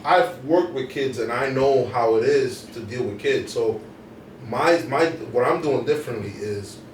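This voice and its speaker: A young man co-hosting a podcast chats casually in loose street slang, restarting often. His mid-range voice is a bit slow and picked up by a distant mic, leaving the recording roomy and off-mic with faint noise.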